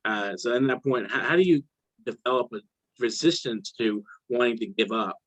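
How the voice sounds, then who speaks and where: A man's voice: mid-range voice, moderate pace, no echo, poor audio. A man hosting an interview, asking questions hesitantly with many fillers. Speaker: host.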